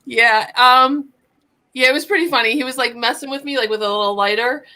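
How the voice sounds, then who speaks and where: A woman's voice: a little high, a little fast, pushed and bright. A woman chatting with friends, telling a funny story and laughing often. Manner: giggly storyteller. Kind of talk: casual chat.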